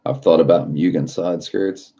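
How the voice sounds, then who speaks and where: Very deep-voiced man, rambling casually. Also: normal speed, mellow, highs cut off. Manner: loose rambling, heavy on filler words and swearing. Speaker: live streamer. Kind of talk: casual chat.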